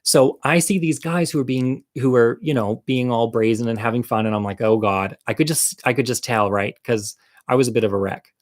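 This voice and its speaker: A man's voice: mid-range voice, fairly quick, hardly any pauses. A man telling a comic personal story in a casual monologue, campy and candid, with chatty, self-deprecating asides to the viewer.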